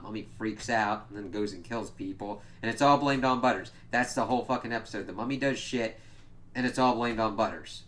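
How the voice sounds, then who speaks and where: Profane, exasperated male reviewer, lowish voice. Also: a little fast, a bit bright, slight background noise. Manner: profane, exasperated, mock-quotes characters. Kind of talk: casual spoken episode review.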